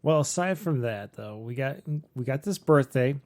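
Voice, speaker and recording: A man's voice: medium pitch, animated, normal speed. Middle-aged male podcast host, joking and rambling, plenty of uhs. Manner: rambling, joking, many fillers. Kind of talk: casual podcast chat.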